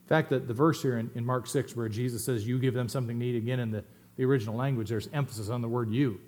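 A middle-aged man preaching a sermon as pastor, swinging between loud emphatic stresses and quiet asides. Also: mid-range voice, fairly even intonation, fast.

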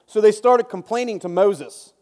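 A man's voice: high voice, lively intonation, normal speed, darkish tone. A man giving a casual Bible study talk, chatty and joking, often breaking off into asides. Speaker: Bible teacher. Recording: long reverb.

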